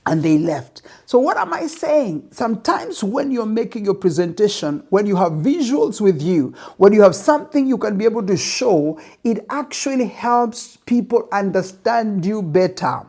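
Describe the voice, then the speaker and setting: A man giving a motivational talk on pitching, retelling a Bible story emphatically to make his point. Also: big pitch swings, moderate pace, few pauses, darkish tone. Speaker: business speaker.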